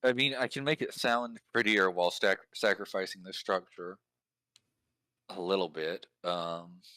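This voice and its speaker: A man's voice: low-pitched, fairly even intonation, a little slow, bright, forceful tone, no echo, low-quality recording. A man in casual conversation, explaining points at length and thinking aloud with fillers as he goes. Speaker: lyric and language helper.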